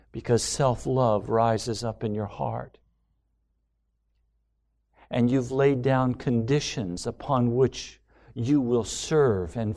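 Slow, deliberate male preacher. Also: on the high side, a little mellow. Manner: rhetorical questions, half-sung hymn lines. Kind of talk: sermon.

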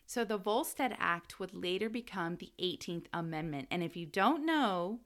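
A woman co-hosting a casual history podcast, her voice bright and clear-edged. She tells the story in an animated, loose way. She laughs often and drops a swear word here and there. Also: lowish voice, normal speed. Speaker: podcast co-host.

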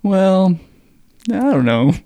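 A man's voice: high voice, very animated, slow pace, dark tone, no echo, full character voice. A man voicing a shy teenage boy who gives short, hesitant, mumbled answers, read aloud as a film scene.

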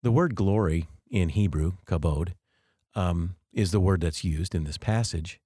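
A man with a very low, deep voice hosts a devotional podcast. He talks earnestly and reflectively and explains ideas step by step. The recording is dry, with no room sound. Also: unhurried, mellow, husky, no echo. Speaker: podcast host.

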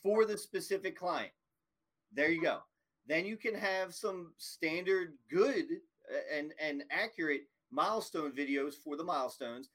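A male podcast host in a casual conversation who keeps things enthusiastic and affirming. His voice is bright and tense, pitched a little high for a man. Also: animated, measured pace.

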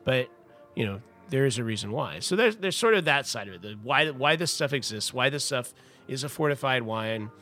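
Telling a long wine-history story on a casual podcast, a guest wine importer chats in a rambling way full of restarts and tangents. His medium-pitched voice is bright and forceful, brisk, with lively intonation. Faint music plays behind.

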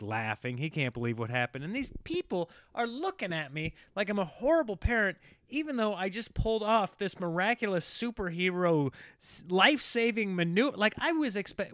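A man in his thirties telling a family story in a casual, animated way, with jumps up in pitch when he quotes his kids. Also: no echo, studio quality. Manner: animated, voices his kids in high squeals.

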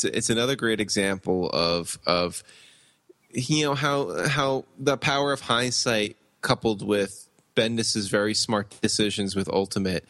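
A man with a fairly low voice co-hosting a casual comics podcast. He thinks out loud, restarting and repeating words before landing on his point. The talk stays loose and conversational. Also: no echo. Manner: halting, repeats words while thinking aloud. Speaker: podcast co-host.

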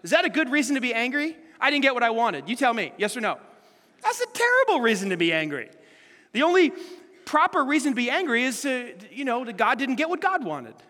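Speaking briskly in a very high-pitched voice, a male pastor delivers a lively sermon in a large hall. He fills it with rhetorical questions aimed at the congregation.

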